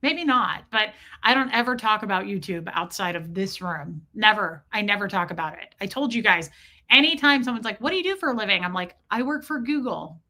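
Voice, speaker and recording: A middle-aged woman on a casual live stream, telling a rambling, self-mocking story with deadpan jokes and reading out chat. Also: mid-range voice, a little fast.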